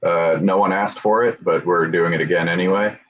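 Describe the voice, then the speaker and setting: A man's voice: low voice, fairly even intonation, brisk. A man hosting a casual motorcycle talk show, speaking in an easygoing way full of fillers. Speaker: podcast host. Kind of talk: casual chat. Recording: dull lo-fi sound.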